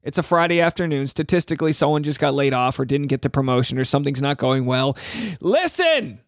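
A man's voice: medium pitch, flat delivery, fast, no echo, studio quality. Upbeat chatty man hosting a podcast. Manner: chatty, joking, upbeat, repeats lines aloud. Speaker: podcast host. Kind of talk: casual chat.

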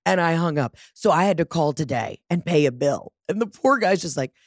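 A woman hosting a podcast, telling a story in a casual, animated and profane way, mocking herself, on a close studio mic. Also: sits low, a little fast, dry recording. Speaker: podcast host.

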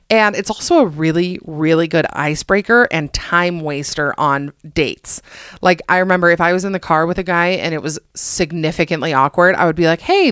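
A woman's voice: low-pitched, a bit bright, clear, resonant tone, no echo, clean studio sound. A young adult woman from the United States hosting a podcast, chatting casually with jokey, self-deprecating asides. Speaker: podcast host. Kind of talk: casual comedic monologue.

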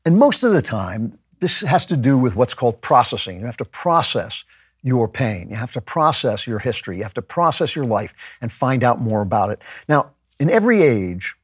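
Husky-voiced man musing on faith. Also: mid-range voice, sing-song, normal speed, no room sound, studio quality. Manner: conversational, musing, with frequent restarts. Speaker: podcast host. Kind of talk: reflective spoken monologue.

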